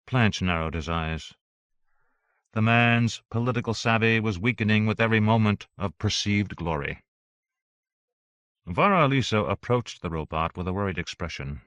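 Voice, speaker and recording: Low-voiced male audiobook narrator. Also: lively intonation, moderate pace, a bit bright, no echo, dull audio.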